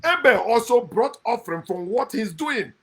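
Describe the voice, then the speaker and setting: Husky high-voiced man ranting. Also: animated, normal speed. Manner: preachy and mocking, swings from loud outbursts to low muttered asides. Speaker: online speaker critiquing scripture. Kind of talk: passionate monologue reading and critiquing scripture.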